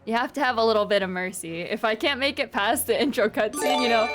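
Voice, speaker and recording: A woman's voice: on the high side, quick pace, hardly any pauses, soft background music. A woman streamer chatting casually with her viewers, playful and giggly as she teases them. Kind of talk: casual live-stream chat.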